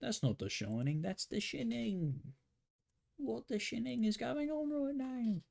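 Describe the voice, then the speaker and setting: A man voicing a stuffy mock-British man in a pompous, drawn-out imitation. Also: extremely high pitch, big pitch swings, gravelly, darkish tone, pitched above the performer's own voice, exaggerated voice.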